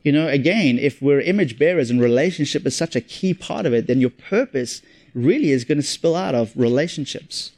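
A man's voice: fairly high pitch, expressive, a little fast, a little mellow. Earnest South African male preacher. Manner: earnest and conversational, often repeats and restarts phrases. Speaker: pastor. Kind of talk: sermon.

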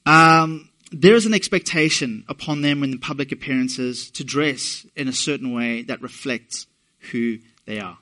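A man's voice: medium pitch, a little slow, pushed and bright. A middle-aged man from England preaching a sermon, talking conversationally with asides to the congregation. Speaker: pastor.

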